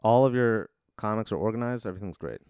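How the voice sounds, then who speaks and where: A man hosting a casual comedic chat, calmly walking a friend through a made-up scenario. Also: lowish voice, quick pace, clear, resonant tone, no room sound, studio quality. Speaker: host.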